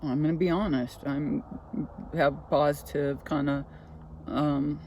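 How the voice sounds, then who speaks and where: A woman's voice: deep voice, fairly even intonation, unhurried, a little mellow, a little hiss or hum. A woman ranting into her own vlog, swearing constantly and sounding agitated, talking from inside a car. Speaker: vlogger. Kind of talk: casual vlog rant.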